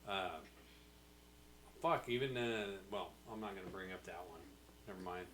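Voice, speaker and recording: A man's voice: deep voice, moderate pace, fairly bright tone, slight background noise. A man hosting a casual podcast chat, blunt and dismissive, swearing freely. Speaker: podcast host.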